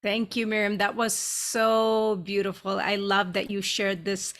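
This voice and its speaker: A woman's voice: mid-range voice, completely flat delivery, a little slow. A woman hosting a podcast interview, talking in an effusive, casual way with lots of fillers. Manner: warm and effusive, many fillers. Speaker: podcast host.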